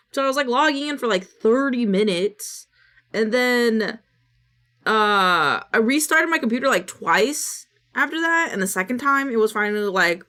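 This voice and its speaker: A woman streamer chatting casually on a live stream with a slightly high voice. She speaks at an unhurried, drawn-out pace. She rambles and swears freely, quoting other people in little acted bits. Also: lively intonation, a bit bright. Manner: rambling, swears a lot, acts out what others said.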